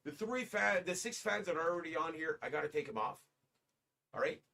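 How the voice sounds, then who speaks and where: A man's voice: fairly high pitch, fairly quick, vocal fry, sharp tone, distant mic. A man hosting a casual livestream, rambling and talking straight to his chat as "guys". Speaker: livestream host. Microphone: streaming setup.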